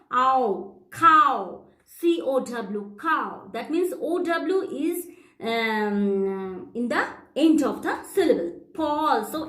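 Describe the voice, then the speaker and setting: A woman teaching a phonics lesson, explaining slowly and spelling out letters and sounds. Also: high-pitched. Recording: echoey room.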